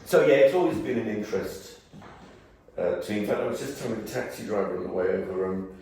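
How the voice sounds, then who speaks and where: Older man, Birmingham accent, rambling guest speaker; low voice, distant mic, big reverberant hall. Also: lively intonation, quick pace, a little mellow, slight background noise. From England. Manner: rambling, jokey, casually swearing. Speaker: guest actor. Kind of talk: anecdotal talk and Q&A. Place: event room before a live audience.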